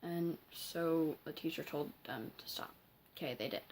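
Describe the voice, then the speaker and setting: A teenage girl ranting casually to camera as a vlogger, halting, with many fillers and restarts. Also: deep voice, darkish tone, slight background noise, low-quality recording. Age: teens.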